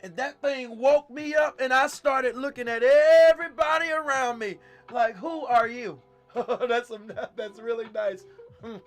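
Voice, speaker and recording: A male pastor, telling a story in a sermon, animated and swinging between loud and hushed. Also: extremely high pitch, measured pace, soft background music.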